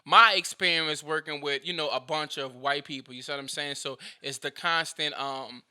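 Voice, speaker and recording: A man hosting a casual podcast, asking questions and rambling through animated restarts. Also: fairly high pitch, moderate pace, smooth. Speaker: podcast host.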